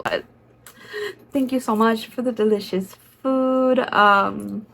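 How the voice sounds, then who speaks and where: Chatty, excitable woman vlogger. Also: on the high side. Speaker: concert vlogger. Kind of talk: casual vlog narration.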